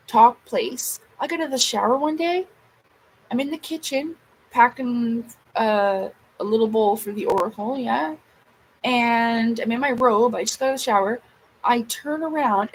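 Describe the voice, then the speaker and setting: A woman's voice: fairly high pitch, rough recording. A woman venting to her viewers in a casual vlog, agitated and swearing as she acts out her own side of arguments. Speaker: vlogger. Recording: faint background noise.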